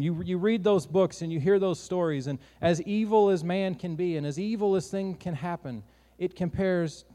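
A man's voice: a little high, warm tone, big-room sound. A man preaching a sermon in an earnest, conversational way, often restarting his sentences.

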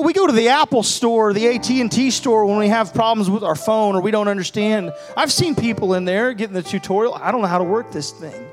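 Male preacher with a high voice, altar-call sermon in a church, pleading and rising into prayer, soft music under him. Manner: pleading, builds to loud high passionate prayer. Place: church sanctuary.

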